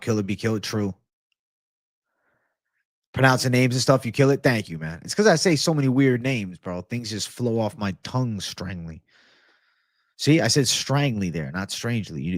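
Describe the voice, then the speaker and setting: A young man hosts a casual MMA livestream, speaking a little fast in an animated, mid-range voice, swearing freely and reading chat aloud in a laid-back manner. The sound is studio quality, with no room sound.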